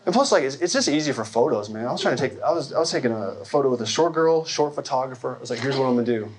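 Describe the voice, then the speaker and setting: Speaking at a quick pace in a medium-pitched voice, a stand-up comedian in his forties works a live audience in a large hall. He's lively and wry and chats with the people watching.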